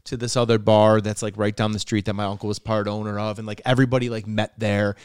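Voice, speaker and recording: Young guy from buffalo spinning a wild story on a podcast, cussing, gets loud, dead dry sound. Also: lowish voice, quick pace, smooth, no echo. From Buffalo, New York. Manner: animated, swearing, gets loud and laughs as the story builds. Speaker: comedian guest. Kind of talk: casual storytelling.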